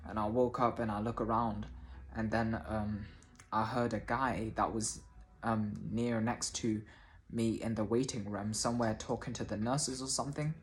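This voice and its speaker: A man telling a personal story casually to camera, halting often and restarting his sentences, with the odd swear word. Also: on the low side, flat delivery. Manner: hesitant, many restarts and fillers, casual swearing. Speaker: vlogger.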